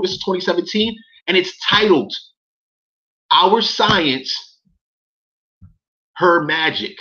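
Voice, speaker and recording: A man's voice: sits high, pushed and bright, highs cut off. A man, ranting in a casual livestream, talking straight to his chat, repeating himself and swearing as he gets worked up. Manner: heated, profane, repeats phrases, talks to chat. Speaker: livestream commentator.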